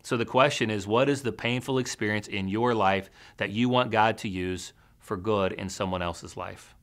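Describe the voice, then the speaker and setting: A male pastor delivers a sermon in a church. His voice sits a little low for a man, and he talks in an earnest, measured way, like someone telling a story with care. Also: fairly bright tone. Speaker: teaching pastor.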